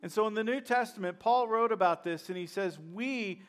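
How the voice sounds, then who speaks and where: A man's voice: high voice, fairly quick, smooth. A male pastor preaching a sermon, repeating key lines and acting out the voices of skeptics. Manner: repetitive call-and-response preaching, acts out skeptics.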